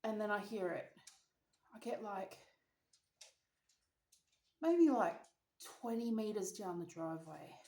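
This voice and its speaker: A woman's voice: medium pitch, animated, slow pace, pauses often, mellow. A young woman with an Australian accent telling a dramatic, slangy story between bites, as a vlogger. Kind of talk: storytime while eating. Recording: echoey room.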